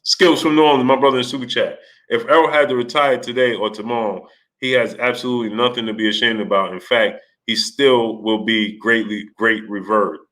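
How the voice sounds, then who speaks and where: A man's voice: medium pitch, fairly quick. A man hosting a live stream, greeting viewers and retelling stories with laughter and quoted voices. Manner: animated storytelling, laughing, mimicking voices. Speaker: host. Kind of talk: live stream chat, reading Super Chats.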